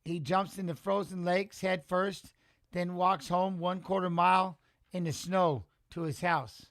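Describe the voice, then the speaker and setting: A man hosting a live watch-along stream, chatting casually, reacting with excitement and answering viewers in the chat. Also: high-pitched, a little slow, creaky.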